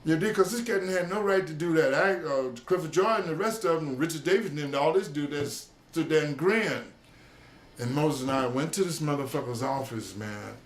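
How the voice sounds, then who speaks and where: A man's voice: fairly high pitch, normal speed. A man in his seventies, a jazz musician, telling old stories in a streetwise, profane way and often asking "you dig?". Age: 70s. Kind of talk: storytelling recollection. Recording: roomy echo with faint music behind.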